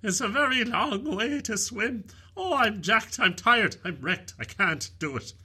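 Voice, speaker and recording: A man's voice: sits high, animated, measured pace, pushed and bright, husky, voice pushed up, full character voice. A man voicing a whining, worn-out talking horse. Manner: whining, complaining.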